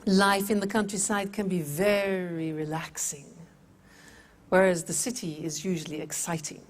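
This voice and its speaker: In a scripted English vocabulary lesson, a woman speaks deliberately and repeats words so learners can practice pronunciation. Her voice is fairly low and steady.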